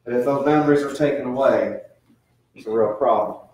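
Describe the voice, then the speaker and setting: A man's voice: mid-range voice, a little fast, darkish tone. A middle-aged man preaching as pastor, talking earnestly and conversationally about raising children, with quoted voices mixed in. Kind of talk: sermon. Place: church sanctuary. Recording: echoey church, mic from a distance.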